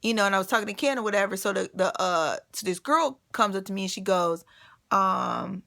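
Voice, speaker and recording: A woman vlogger telling a personal story in a casual, animated way, quoting people and piling up fillers. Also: medium pitch, fairly quick, vocal fry. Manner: animated, full of fillers and restarts, quotes people.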